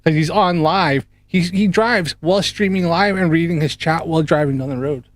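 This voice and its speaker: A man's voice: a little high, normal speed, no echo. A man hosting a casual reaction commentary, chatty and mocking, often laughing. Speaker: host.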